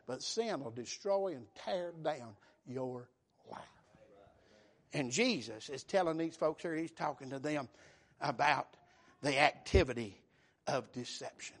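A man preaching a sermon, calling for amens and rising to shouted climaxes. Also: fairly high pitch, normal speed. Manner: call-and-response preaching, building to shouts.

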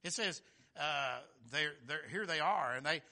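A bright, forceful male voice, a little slow, carries a fervent, folksy sermon. Key phrases get surges of pitch and volume, and he asks the congregation "Amen?"

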